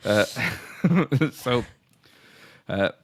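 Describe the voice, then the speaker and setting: A man's voice: mid-range voice, lively intonation, very slow, dry recording. A middle-aged man with a Yorkshire accent, co-hosting a casual podcast chat and explaining ideas in a rambling, self-interrupting way with chuckles. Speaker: podcast co-host.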